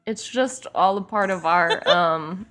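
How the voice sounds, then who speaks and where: A woman's voice: on the low side, takes it slowly, a bit bright. A woman co-hosting a podcast in casual movie chat, giggly and playful. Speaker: podcast co-host.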